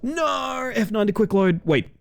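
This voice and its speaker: A man streaming a game live, chatting with his viewers, excitable, swearing and yelping at every surprise. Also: sits high, a little slow, vocal fry. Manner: chats with viewers.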